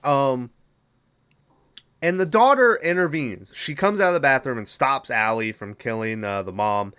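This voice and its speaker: A young man's clean, fairly bright, mid-range voice carries a casual podcast recap of a horror film's plot. His retelling rambles, with lots of swearing, fillers and quoted lines.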